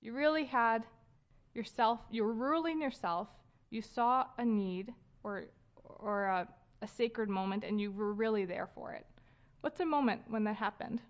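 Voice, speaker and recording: A woman's voice: a little high, a little slow. Casual woman preaching, lo-fi sound. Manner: conversational with fillers and light laughs. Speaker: speaker leading a church gathering. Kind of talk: casual sermon talk. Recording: dull lo-fi sound.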